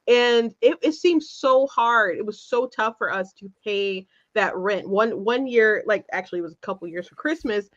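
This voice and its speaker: A woman's voice: medium pitch, normal speed, hardly any pauses, highs cut off. A woman hosting an interview show, talking in a rambling, hesitant way with frequent restarts and laughter. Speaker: show host. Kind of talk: casual conversational interview.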